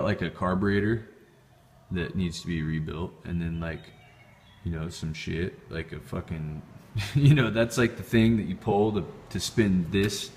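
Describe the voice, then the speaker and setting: Rambling, profane man in a reverberant room. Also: lowish voice. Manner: rambling, profane, jumps between topics. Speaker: channel host. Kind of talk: rambling casual vlog. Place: home workshop showing tools. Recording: long reverb.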